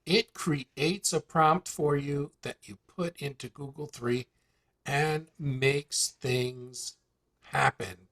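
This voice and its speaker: A man hosting a live call, walking through a software tool with a chatty sales manner and a string of rhetorical questions. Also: fairly high pitch. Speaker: host presenting an online tool demo. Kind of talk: casual live demonstration on a call.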